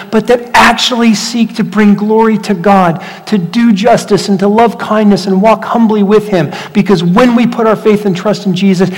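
Animated preaching man, high voice, hall reverb. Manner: animated, shifts between loud rhetorical questions and hushed emphasis. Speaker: pastor. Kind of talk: sermon. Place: church hall.

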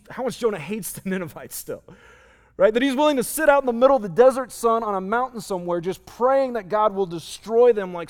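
A man preaching a sermon, explaining a scripture passage in plain terms and asking his listeners rhetorical questions. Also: high voice. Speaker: pastor.

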